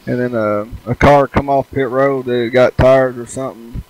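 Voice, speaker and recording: A man's voice: mid-range voice, steady tone, moderate pace, a little mellow, no echo, rough recording. A man, a race driver talking about his race in a casual, rambling way.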